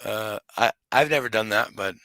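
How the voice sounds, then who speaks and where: A man chatting casually as co-host of a live stream. His voice is bright and tense, and he hesitates and lets his sentences trail off. The sound is dry and close. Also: fairly low pitch, normal speed, dry recording. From Canada. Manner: hesitant, trails off, laid-back storytelling. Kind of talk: casual banter.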